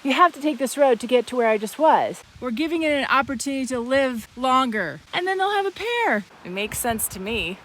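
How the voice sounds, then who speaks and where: A vlogger films herself on a roadside mid-way through a long bike ride, chatting to the camera in a tired, talkative way that swings from grumbling to excited squeals. Her voice sits high and moves fairly quickly with few pauses. The recording is low quality, with passing traffic and outdoor ambience behind her.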